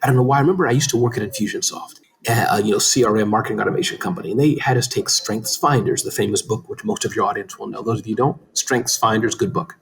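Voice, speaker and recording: Fast-talking animated man. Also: lowish voice. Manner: fast, animated, says he talks too fast. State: tearing up, emotional. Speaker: podcast guest, business founder. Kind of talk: casual interview talk.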